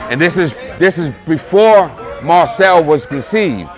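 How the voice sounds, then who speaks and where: A man's voice: a little high, lively intonation, unhurried. Man reminiscing over music and crowd. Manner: loose, rambling, streetwise talk with many "you know what I'm saying". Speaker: close friend giving a tribute. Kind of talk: casual spoken memories. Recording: music and crowd chatter behind.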